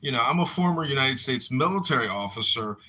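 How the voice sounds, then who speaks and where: A middle-aged man and mayoral candidate telling rambling, animated anecdotes in a casual audio chat room. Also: medium pitch, quick pace, breathy edge.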